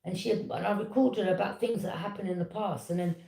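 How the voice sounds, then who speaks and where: Woman, indignant, animated storytelling, mid pitch, echoey room. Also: creaky. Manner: animated, indignant, talks in quick bursts with "yeah?" asides. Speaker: tarot reader. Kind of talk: casual personal storytelling.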